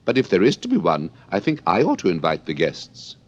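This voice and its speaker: A man's voice: low voice, wildly swooping pitch, a little fast, muffled recording, heavily acted. A man reading an audiobook, voicing a polite, earnest young girl in a prim, reasonable way.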